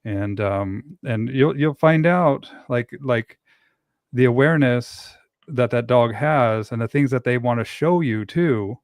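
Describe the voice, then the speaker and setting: A man talks in a relaxed podcast chat, his pitch sitting in the middle range. He explains his ideas slowly and reflectively. The recording sounds dry and close, with no room echo. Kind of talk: casual podcast conversation.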